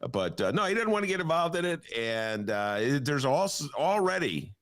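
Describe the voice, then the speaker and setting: A man's voice: sing-song, moderate pace, a bit bright, no room sound, clean studio sound. A middle-aged man co-hosting a podcast in casual chat, rambling with lots of fillers and chuckles. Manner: rambling, full of fillers and chuckles, given to sudden jumps in pitch. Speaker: podcast co-host.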